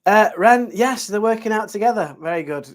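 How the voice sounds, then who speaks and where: A man with a Yorkshire accent chats to his students on a live stream as their geography teacher, upbeat and loose, with plenty of fillers and restarts. His voice sits a little high for a man, and he talks into a desk mic at his computer. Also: expressive, fairly quick. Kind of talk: casual live stream chat.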